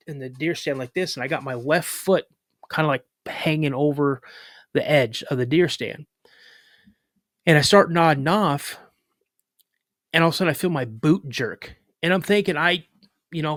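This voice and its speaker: A man's voice: fairly high pitch, a bit bright, dry recording, clean studio sound. A man in casual conversation, animatedly retelling a personal story with frequent restarts. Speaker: podcast guest, cryptid researcher.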